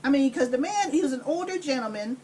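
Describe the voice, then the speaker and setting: A woman telling a story in casual chat while cooking at home, blunt and profane, with an animated, no-nonsense delivery. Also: sits high, fast talker, a little hiss or hum. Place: home kitchen.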